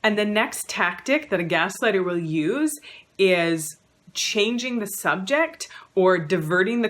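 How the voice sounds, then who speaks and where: Lady counsellor explaining stuff to camera, lowish voice, lots of "you know"s. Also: a bit bright. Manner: conversational, many fillers like "you know"; acts out quoted lines in a raised voice. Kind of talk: educational talk to camera.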